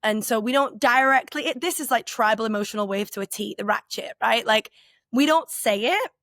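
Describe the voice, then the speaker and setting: A woman's voice: a little high, fairly quick, a bit bright, dry recording, clean studio sound. A woman in her thirties co-hosting a podcast, talking in a candid, rambling and emotionally open way, full of filler words. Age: 30s. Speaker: podcast co-host. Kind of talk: casual reflective conversation.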